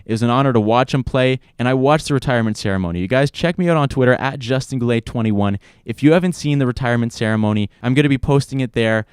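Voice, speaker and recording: A man's voice: medium pitch, quick pace, hardly any pauses, a little mellow, smooth, no echo, studio quality. Enthusiastic young man hosting sports talk. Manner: enthusiastic, emphatic. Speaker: sports show host. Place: studio.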